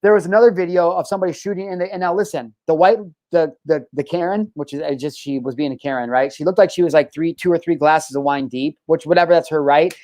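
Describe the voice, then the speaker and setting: A man's voice: fairly high pitch, fast, few pauses, a little mellow. A young man hosting a solo podcast, ranting heatedly and profanely, often stopping to restart his sentences. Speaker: podcast host.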